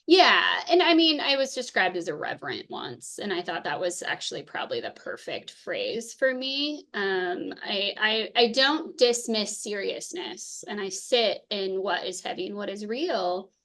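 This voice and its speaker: A woman in her thirties, a therapist and podcast guest, telling stories quickly and laughing often. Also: mid-range voice. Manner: fast, lively storytelling, laughs often. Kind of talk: casual interview conversation.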